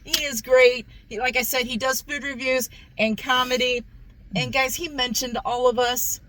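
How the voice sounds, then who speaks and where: A woman's voice: sits high, fairly even intonation, normal speed, bright, forceful tone, a little hiss or hum, rough recording. A woman hosting a casual food review vlog, chatty, repeating herself and calling her viewers "guys". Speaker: food review channel host.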